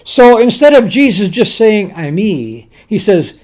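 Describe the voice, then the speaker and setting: A man preaching a sermon, slow and emphatic, repeating words for stress. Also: sits high, sing-song, darkish tone.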